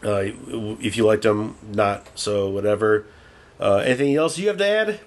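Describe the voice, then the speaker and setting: A man co-hosting a casual movie podcast, swearing freely and retelling scenes in an animated way. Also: fairly low pitch, normal speed. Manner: profane, animated retelling with put-on voices. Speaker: podcast co-host. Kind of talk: casual movie review chat.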